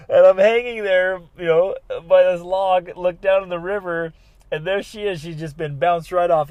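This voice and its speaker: Middle-aged male host, lively storyteller, slightly high voice, dry close mic. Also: no room sound. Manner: animated, exclaims loudly at story peaks. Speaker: podcast host. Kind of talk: casual storytelling.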